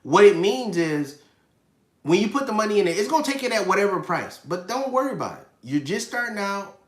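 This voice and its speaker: A livestream host in his thirties runs a casual live finance stream, speaking emphatically, repeating his points, and answering questions from chat. His voice is high-pitched and sing-song, fairly quick, and the sound is reverberant.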